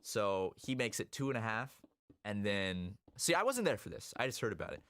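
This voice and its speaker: A man telling animated stories in a casual chat while gaming. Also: moderate pace, slight background noise. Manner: animated storyteller, lively swings in pitch. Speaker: co-host.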